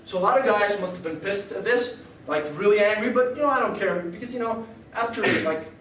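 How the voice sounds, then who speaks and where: A man's voice: sits high, a little fast, fairly bright tone. Young male speaker, rambling and laughing, distant mic, noisy reverberant hall. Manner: rambling, laughing, filler-heavy. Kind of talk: humorous talk on stage. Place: lecture hall. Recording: echoey hall from far off.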